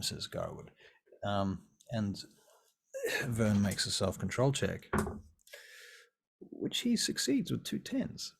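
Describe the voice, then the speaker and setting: Gravelly, animated male game master. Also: fairly low pitch, slow, pauses often. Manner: lively, stammering narration. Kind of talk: narrating a tabletop game.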